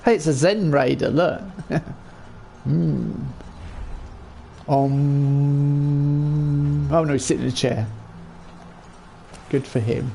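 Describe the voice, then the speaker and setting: Brief: male streamer, gravelly voice, mid pitch, loose chatty game commentary. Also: takes it slowly, long pauses, dark tone, a little hiss or hum. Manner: chatty, chuckles often, talks to chat. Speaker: gaming streamer. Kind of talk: casual let's-play commentary.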